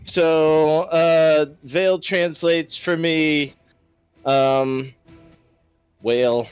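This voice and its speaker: A man playing a tabletop game, speaking slowly and hesitantly in a smooth, clear voice. The sound is dry and close, with faint music behind. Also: a little high, fairly even intonation, no room sound, dull audio. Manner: hesitant, halting. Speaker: player. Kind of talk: casual chat in a tabletop game.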